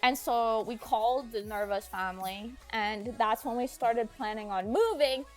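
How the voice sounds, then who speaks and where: A woman's voice: on the high side, moderate pace, faint music behind. A woman streamer telling a personal story in a rambling way, with lots of "like" and frequent restarts.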